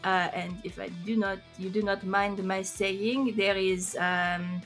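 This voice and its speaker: An earnest man from the resistance lays out a plan in halting, polite phrases , as a woman plays him. His pitch sits in a middle range for a woman's voice. Faint music runs behind him in this tabletop game. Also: steady tone, lightly acted. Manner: formal, hesitant, polite. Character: earnest adult male French resistance contact.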